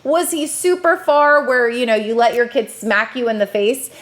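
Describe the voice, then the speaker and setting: A woman's voice: fairly high pitch, normal speed. A woman in her thirties, an educator, giving casual reaction commentary and acting out parents' and children's lines.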